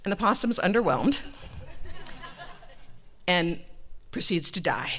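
A woman telling a comic personal story, animated and laughing often. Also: fairly high pitch, a little fast.

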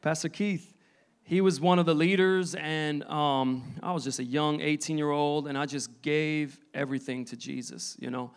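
A man in his thirties preaching a sermon, telling his testimony in an earnest, halting way with many restarts. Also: a little high, flat delivery, clean tone.

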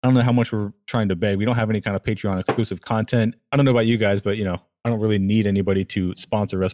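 A man hosting a podcast in casual chat, relaxed and a bit profane, with many fillers. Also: low-pitched. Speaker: podcast host.

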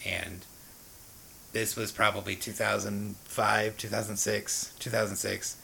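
A man's voice: lowish voice, little pitch movement, unhurried, creaky, sharp tone, slight background noise, rough recording. A man frankly telling the story of his past drug use, rambling with fillers and restarts. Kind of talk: candid personal storytelling.

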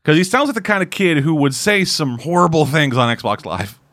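A man's voice: a little high, animated, normal speed, a bit bright, dry recording, clean studio sound. A young man in casual podcast chat, making wisecracks and banter.

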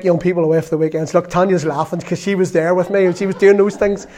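Man, 50s, preacher, sermon, earnest, conversational, slightly high voice. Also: level tone, fast, few pauses, slight background noise. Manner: earnest, conversational, dropping to soft confession.

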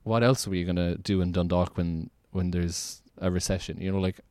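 An Irish man hosts a casual podcast chat with a low, unhurried voice. He wanders through his thoughts, restarting sentences and leaning on fillers. The sound is dry and close. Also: steady tone, dark tone, clear, resonant tone, no room sound. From Ireland. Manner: rambling, many restarts and "like" fillers. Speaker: podcast host.

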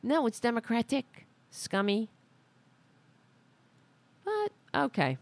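A woman hosting a talk podcast in a low, gravelly voice. She rants slowly and sarcastically. The sound is close and dry. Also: sing-song, dry recording. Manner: sarcastic, heated ranting. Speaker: podcast host. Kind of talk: casual political commentary.

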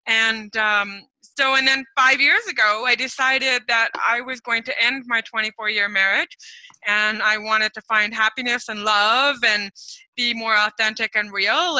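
A middle-aged woman speaks as a guest on a talk show, recounting her life openly with many ums and you-knows. Her voice is very bright and sharp-edged, and the recording is dry and close with no room around it. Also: medium pitch, no echo, rough recording. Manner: candid, laughs easily, many fillers. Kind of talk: casual interview.

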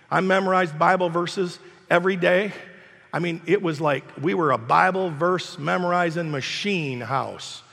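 A man's voice: on the high side, creaky, fairly bright tone, breathy edge, long reverb tail. An older man preaching a sermon as pastor, emphatic and repetitive, in a church sanctuary.

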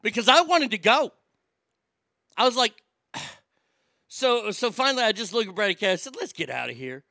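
A man's voice: extremely high pitch, animated, moderate pace, sharp tone, dry recording, clean studio sound. A man telling a story as an angry, swearing rant, heated and indignant.

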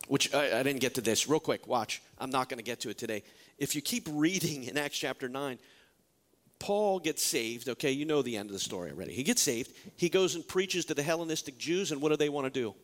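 Joking pastor guy preaching, high-ish voice, lots of ups and downs, keeps asking the crowd stuff. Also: fairly quick. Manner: lively, joking, rhetorical questions. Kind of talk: sermon.

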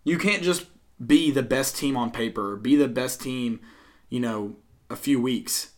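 A man's voice: mid-range voice, measured pace. Rambling young male sports podcaster. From Tennessee, US. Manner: rambling, many fillers, mock-yells impressions. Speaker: podcast co-host. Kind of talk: casual sports chat.

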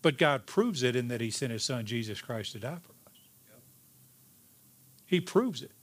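A man preaching a sermon as pastor, emphatic, rising in pitch and then dropping to a hushed, slow delivery. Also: lively intonation, breathy edge. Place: church sanctuary.

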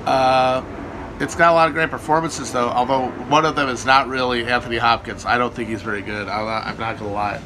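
A man's voice: mid-range voice, fairly even intonation, fairly quick, noisy background. A man hosting a casual livestream, answering viewer questions in a rambling, irreverent, profane way. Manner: irreverent, profane, riffing, jokey. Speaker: livestream host answering chat.

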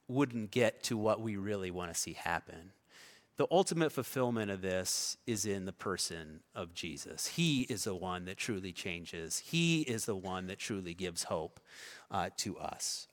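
A male pastor delivers a sermon in a relaxed, storytelling manner, his voice moving between soft asides and louder bursts. His pitch sits mid-range for a man. The sound carries the long reverb of a big church hall. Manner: conversational storytelling, varying loud and soft.

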